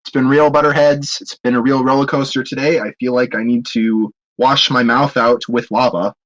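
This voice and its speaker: A man's voice: mid-range voice, little pitch movement, moderate pace. A man co-hosting a movie podcast, squeamish and exasperated as he complains through comic banter. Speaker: podcast co-host.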